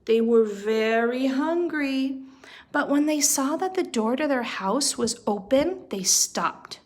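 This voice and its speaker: A woman storyteller reading a children's storybook aloud, expressive and unhurried. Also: high-pitched.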